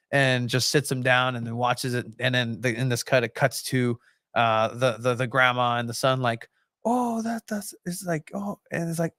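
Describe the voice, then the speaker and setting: Dude rambling on a podcast, laughs a lot, super dry close sound. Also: male voice, medium pitch, steady tone, moderate pace, a bit bright, no echo. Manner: rambling, laughs often, acts out film scenes. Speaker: podcast co-host. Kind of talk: casual chat.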